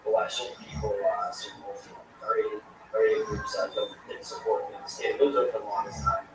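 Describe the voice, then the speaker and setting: A man speaking haltingly as a guest in a casual discussion. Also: fairly low pitch, wildly swooping pitch. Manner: halting, many fillers. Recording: very echoey room from far off, background noise.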